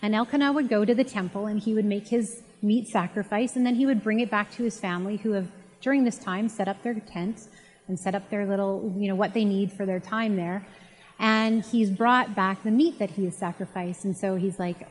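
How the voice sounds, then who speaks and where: A woman's voice: mid-range voice, brisk. A woman giving a casual, chatty Bible teaching and retelling the story in a conversational way. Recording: long reverb.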